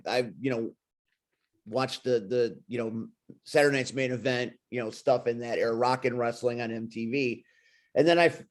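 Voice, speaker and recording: A man with a mid-range voice reflects in a relaxed, casual chat. He chuckles now and then and pads his thoughts with fillers. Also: mid-range voice.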